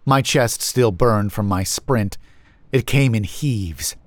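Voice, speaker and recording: Slow, low-voiced male horror narrator. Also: no room sound. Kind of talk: first-person horror narration.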